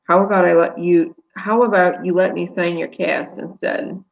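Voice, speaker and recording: A woman's voice: fairly low pitch, fairly even intonation, moderate pace, gravelly, phone-quality sound. A woman voicing a pushy, sneering drunk man who harasses a stranger at a bar. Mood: leering.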